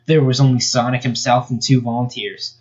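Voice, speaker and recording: A man's voice: medium pitch, little pitch movement, fairly quick, husky, dull audio. A young man casually reading a fan story aloud, chatty and joking about the text. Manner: chatty, laughs at the text, off-script asides. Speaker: amateur story reader.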